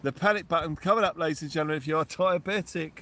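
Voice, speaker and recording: Excitable man hosting a night fishing stream. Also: fairly high pitch, quick pace. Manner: excitable, thanks supporters at length. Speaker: fishing livestream host. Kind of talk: live commentary and thanking viewers. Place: outdoors on the shore at night.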